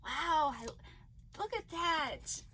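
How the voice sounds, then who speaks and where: A woman with a very high voice talks slowly and unhurriedly, gushing over each thing she unwraps. She gasps often and sounds thrilled, speaking straight to her viewers in a casual crochet vlog. A faint hiss of noise sits under her voice. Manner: gushing and excitable, gasping often. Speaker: crochet vlogger. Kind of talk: casual unboxing chat to viewers.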